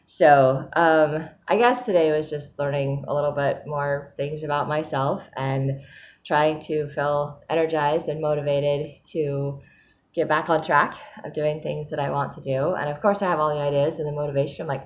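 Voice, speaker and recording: Low-voiced sleepy woman doing a casual vlog, yawny, rambly, laughs at herself. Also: steady tone, moderate pace, a little hiss or hum. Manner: rambling, self-deprecating, laughs and yawns often. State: sleepy, yawning. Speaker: vlogger.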